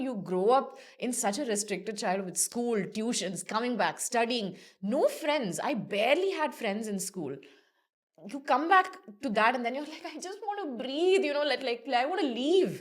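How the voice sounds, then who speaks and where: A woman's voice: a little high, big pitch swings. A woman in her thirties with a Malayali accent, a podcast guest telling personal stories in casual chat and slipping between English and Malayalam. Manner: fast storytelling, switching between English and Malayalam.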